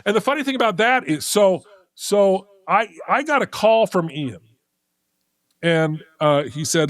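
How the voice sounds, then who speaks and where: Here a middle-aged podcast guest speaks in a fairly high voice, a bit slowly, with no echo. His storytelling is loose and animated, and he keeps breaking off and starting his sentences over while working through his thoughts.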